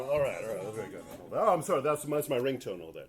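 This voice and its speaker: A man's voice: medium pitch, big pitch swings, quick pace, faint music behind. A man giving a tech talk at a conference, rambling and self-mocking with jokey asides. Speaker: conference presenter. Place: conference room.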